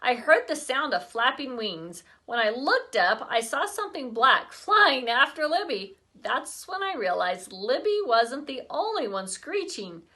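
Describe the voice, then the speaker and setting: A woman's voice: sits high, sing-song, measured pace, hardly any pauses, sharp tone. A woman teacher reading a children's chapter book aloud expressively, breaking off for chatty asides to her class.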